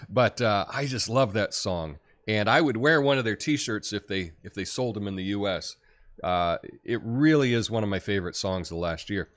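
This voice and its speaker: A man's voice: lowish voice, a bit bright. A middle-aged man hosting a solo political commentary show, talking in a chatty, opinionated way with many fillers and little chuckles.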